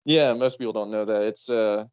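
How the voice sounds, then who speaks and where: Young man, podcast guest, smooth lowish voice, dry dull audio. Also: moderate pace, no echo. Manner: dry, laid-back anecdotes. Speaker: guest writer. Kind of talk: casual chat.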